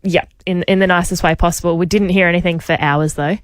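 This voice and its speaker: A woman's voice: lowish voice, fairly even intonation, fast, no echo. A woman, a radio producer, telling an anecdote in a wry, plain-spoken way. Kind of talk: casual chat.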